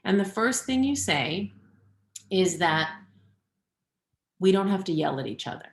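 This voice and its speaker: Earnest lower-voiced coaching woman, echoey. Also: expressive, moderate pace. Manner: earnest, advising, gives direct instructions. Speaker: parenting coach. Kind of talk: webinar talk. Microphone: webinar video call. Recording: echoey room.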